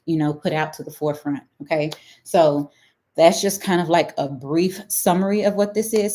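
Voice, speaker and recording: Middle-aged Texan woman, deep for a woman, casual live-stream astrologer who keeps asking "right?". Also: dark tone. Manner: chatty, checks in with "right?" and "okay?".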